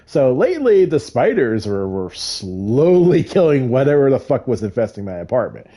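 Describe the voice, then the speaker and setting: Profane middle-aged man ranting, lively pitch. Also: moderate pace, husky. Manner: profane, heated storytelling with frequent laughs. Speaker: gamer. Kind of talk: casual rant while gaming.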